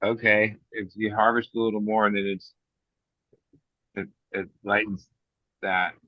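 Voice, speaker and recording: A man's voice: fairly low pitch, level tone, a little slow, no echo, dull audio. A man chatting casually as a guest on a stream, loose and swearing as he tells stories. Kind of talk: casual chat.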